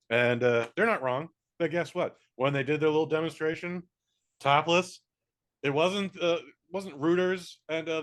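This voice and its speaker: A man's voice: mid-range voice, fairly bright tone. A man hosting a podcast in a casual, comedic chat, rambling and blunt as he jokes. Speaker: podcast host.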